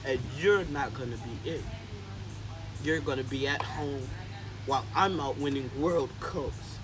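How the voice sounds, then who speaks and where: A man voicing a cocky young male soccer rival who brags and taunts in an everyday voice, with loud background noise. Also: medium pitch, measured pace, close to an everyday voice. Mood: boastful. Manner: taunting, bragging.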